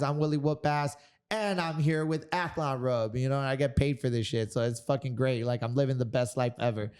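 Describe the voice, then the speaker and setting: A man in his thirties from Miami, talking as a guest in a casual interview. His voice is smooth and resonant, and he tells stories in an animated, swearing way at a middle pitch. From Miami, Florida. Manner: animated, profane storyteller. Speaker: guest kickboxer.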